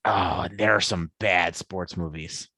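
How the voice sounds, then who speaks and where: A man's voice: deep voice, steady tone, slow pace, pushed and bright, no echo. A man co-hosting a sports podcast in casual chat, easygoing and hesitant, with many ums. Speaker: podcast co-host.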